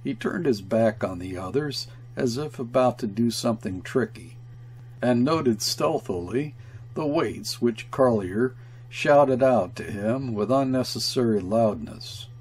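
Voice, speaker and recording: A man reading a classic short story aloud in a slow, measured, grave manner. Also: mid-range voice, expressive, a little mellow, a little hiss or hum. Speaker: audiobook reader. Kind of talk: scripted narration of a classic story.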